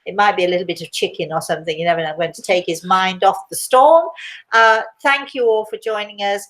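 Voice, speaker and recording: A woman's voice: medium pitch, quick pace, fairly bright tone, low-quality recording. An older woman hosting a live stream as a medium, chatting loosely and laughing often. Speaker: host and medium. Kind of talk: casual live-stream chat.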